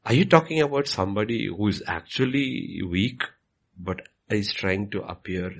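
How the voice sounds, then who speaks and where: A man's voice: fairly low pitch, gravelly, slightly rough. A man answering questions as a pastor in a Q&A, repeating his points with emphasis. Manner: repetitive, emphatic, acts out quoted questions. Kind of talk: Q&A teaching.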